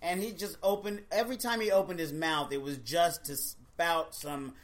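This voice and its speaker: A woman's voice: fairly low pitch, fairly even intonation, normal speed. A woman chatting on a podcast in a casual, agreeable way, laughing often and chiming in.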